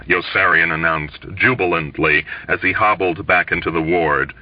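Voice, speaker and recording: A man reading a novel aloud as an audiobook, telling the story in an expressive, lively way. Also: deep voice, normal speed, hardly any pauses, dry recording. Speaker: audiobook reader. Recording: dull lo-fi dry recording.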